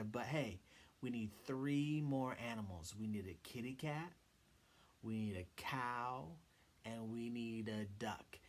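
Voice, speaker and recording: A man leading a children's sing-along lesson, coaxing the kids with questions and cheerful encouragement. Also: fairly high pitch. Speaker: children's music teacher.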